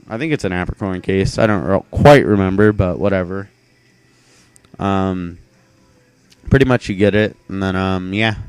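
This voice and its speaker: A young man talks through his video game run in loose, rambling commentary, full of fillers and shrugged-off asides. His voice sits on the low side and comes across smooth and clear. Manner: rambling, filler-heavy, offhand. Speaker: gaming channel host.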